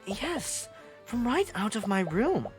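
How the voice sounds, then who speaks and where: A woman's voice: very animated, slow, darkish tone, faint music behind. A woman putting on a haughty young British noblewoman. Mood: indignant. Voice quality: high falsetto with a put-on British accent. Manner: lofty, dismissive, proud. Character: haughty young noblewoman student, scheming, aloof. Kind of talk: voicing a visual novel character.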